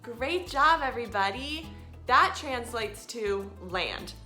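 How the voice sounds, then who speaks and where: A woman hosting a children's storytime, reading a picture book aloud in a gentle, carefully enunciated way. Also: on the high side, lively intonation, slow, soft background music.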